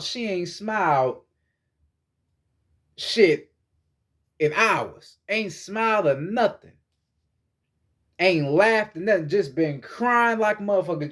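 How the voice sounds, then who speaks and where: A high-pitched man, speaking as a vlogger, delivers a casual spiritual monologue. He lectures bluntly, swears heavily, and repeats himself often.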